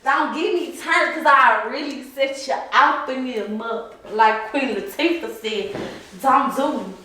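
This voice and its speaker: A young woman hosting a prank vlog, loud and slangy with a sassy attitude. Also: sits high, a little slow, distant mic, background noise. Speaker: vlog host. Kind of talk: prank vlog, casual chat. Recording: very echoey room, a bit off-mic, with faint music.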